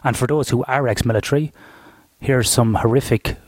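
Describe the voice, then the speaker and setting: A man's voice: medium pitch, moderate pace, no room sound. Australian man hosting a podcast. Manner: chatty, curious questioning. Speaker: podcast host. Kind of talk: podcast interview.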